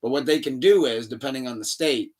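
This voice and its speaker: A man in casual podcast chat, recounting a story and slipping into the voices of the people in it. His voice sits at a middle pitch, and he is heard from a little way off the microphone. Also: brisk, distant mic. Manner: animated storytelling, acts out quoted dialogue. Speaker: podcast co-host. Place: room shared with co-host.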